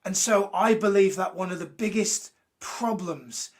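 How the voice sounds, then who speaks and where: A man's voice: sits high, measured pace. A man from Birmingham hosting a live motivational show, blunt and ranty, swearing freely and joking with viewers. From Birmingham, England. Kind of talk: unscripted motivational talk to a live chat.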